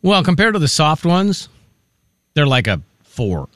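A man trades playful teasing jokes as a radio co-host, his pitch bouncing lively up and down. He is recorded on a dry, close studio mic, and he laughs often between lines. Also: unhurried, dry recording. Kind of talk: casual studio banter.

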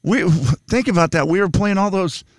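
A man's voice: sits high, moderate pace, no echo. A man co-hosting a radio show, telling stories in casual banter.

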